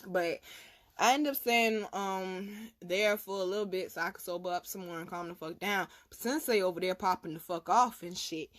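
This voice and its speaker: Animated, profane young woman storyteller. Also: on the low side, normal speed. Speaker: vlog host, spiritual reader. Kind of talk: casual storytelling.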